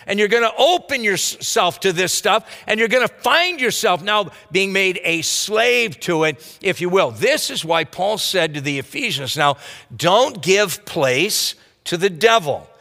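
Lively, high-pitched male preacher in a hall. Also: normal speed, gravelly, hardly any pauses. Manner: lively, conversational preaching with rhetorical asides. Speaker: pastor. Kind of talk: sermon. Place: church.

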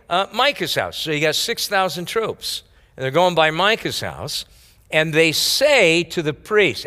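A man's voice: on the high side, bright, forceful tone. A man preaching a sermon, telling a Bible story in casual, modern speech and acting out the characters' lines. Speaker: pastor. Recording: echoey hall.

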